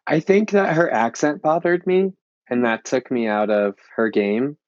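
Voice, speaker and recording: A man's voice: medium pitch, big pitch swings, unhurried, no echo. Chatty man on a dull, dry line. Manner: loose and chatty, heavy on filler likes. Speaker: podcast panelist. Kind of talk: casual film discussion.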